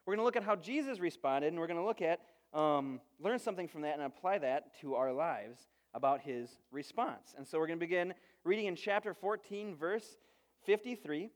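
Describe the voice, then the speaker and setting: A man in his thirties, a pastor preaching a sermon and telling stories with lively quoted voices. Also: a little high, a little fast. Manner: storytelling, animated quoted voices.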